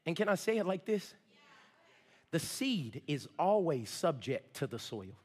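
A man preaching a fervent sermon, calling on the congregation to repeat after him and rising to shouts. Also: a little high, very animated, measured pace. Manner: fervent preaching with call-and-response, shouting at peaks. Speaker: pastor. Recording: long hall reverb.

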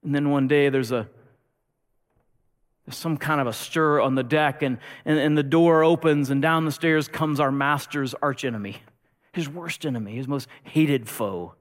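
A male pastor preaching a sermon with animated storytelling that swings between loud and hushed. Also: fairly high pitch, normal speed, long reverb tail.

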